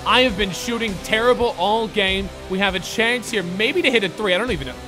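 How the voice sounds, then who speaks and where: A young man giving live commentary over a basketball video game, excitable and swearing as he plays. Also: high voice, a little fast, over music. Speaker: gaming YouTuber.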